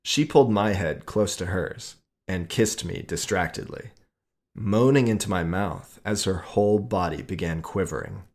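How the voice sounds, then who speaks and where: A man reading his own adult short story aloud in a slow, measured way. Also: deep voice, animated, a little mellow.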